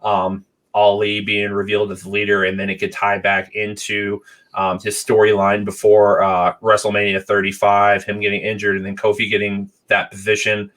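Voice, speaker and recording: Bright-voiced man, low and easygoing. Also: moderate pace. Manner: relaxed, agreeable, many short backchannels. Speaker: podcast host. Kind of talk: casual chat.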